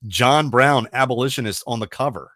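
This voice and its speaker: A man's voice: medium pitch, moderate pace, no echo, clean studio sound. A middle-aged man hosting a radio show, chatting casually about music and telling rambling stories. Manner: rambling, animated storytelling with restarts.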